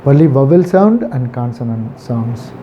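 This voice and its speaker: A man gives a grammar lesson at a slow, deliberate pace, saying important words over and over. The recording sounds slightly dull, with faint passing traffic in the background. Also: mid-range voice, lively intonation, warm tone. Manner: slow and repetitive, stresses and repeats key words. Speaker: English teacher.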